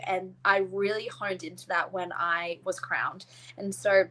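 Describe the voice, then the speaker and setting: A woman's voice: on the low side, flat delivery, measured pace, a bit bright, low-quality recording. A young woman with an Australian accent, talking earnestly and at length as an interview guest. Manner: earnest, heartfelt, rambling. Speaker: pageant winner guest. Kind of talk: casual interview chat.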